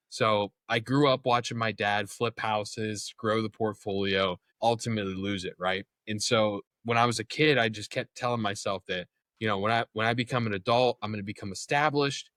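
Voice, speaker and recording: A man's voice: lowish voice, a bit bright, no echo. A young man as an interview guest, telling his story in a candid, casual way, swearing freely and acting out what others said.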